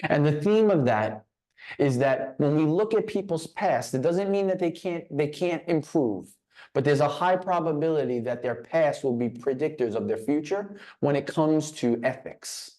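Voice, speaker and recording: A man's voice: a little high, normal speed, dark tone. A man speaking as a guest in a business leadership session, telling a story with frequent restarts and repeated words. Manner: storytelling, repeats words when starting phrases. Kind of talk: motivational talk.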